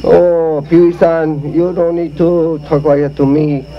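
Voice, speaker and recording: A man's voice: on the high side, little pitch movement, unhurried. A man playing a boastful comic kung fu ventriloquist who speaks in broken English and teases his dummy, recorded on dull lo-fi tape at an outdoor party. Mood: teasing. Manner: broken English, teasing, chuckling.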